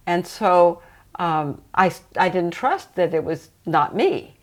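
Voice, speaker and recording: An older woman, a trance channeler, talking reflectively in a relaxed interview and laughing often. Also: on the low side, takes it slowly.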